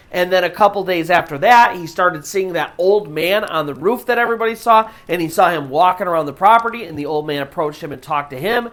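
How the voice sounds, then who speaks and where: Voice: mid-range voice, fairly bright tone. A storyteller host retelling a true ghost story in a casual, conversational way, full of "you know" fillers.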